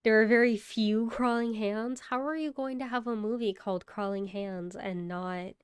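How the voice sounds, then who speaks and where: Woman streamer, sleepy and talkative, smooth voice, dry close sound. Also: on the high side, steady tone, moderate pace, dry recording. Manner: chatty, yawning, laughs often, greets chat by name. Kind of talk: casual live-stream chat while gaming.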